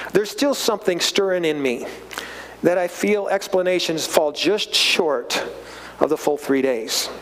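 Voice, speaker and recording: A man giving a casual Bible study talk, animated, chuckling and often repeating words as he reads and explains. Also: high voice, slight background noise, rough recording. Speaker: Bible teacher.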